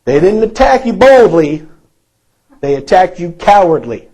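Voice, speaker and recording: A man's voice: sits high, very animated, a little slow, darkish tone, low-quality recording. A male pastor preaching a sermon in a church, emphatic and repetitive, asking the congregation rhetorical questions.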